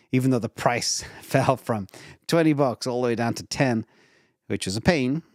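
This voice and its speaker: Host, male, lowish voice, loose conversational delivery with lots of "um"s and self-corrections, dry close sound. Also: dry recording. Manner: casual, rambling explanations with frequent fillers and restarts. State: retired from regular work. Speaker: investing channel host. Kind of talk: live Q&A answering viewer questions.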